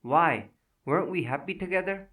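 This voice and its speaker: A hoarse, broken husband pleading without hope, as a male narrator plays him. His words come out defeated and worn. The voice sits a little back from the mic. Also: mid-range voice, lively intonation, slow pace, bright, forceful tone, far from the mic. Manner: pleading, hopeless.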